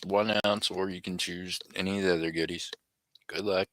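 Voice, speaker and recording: Deep-voiced man hosting a livestream. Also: fairly even intonation, moderate pace, fairly bright tone, no room sound. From United States. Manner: folksy, laid-back, chatty. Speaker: livestream auction host. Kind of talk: casual live-stream chat with viewers.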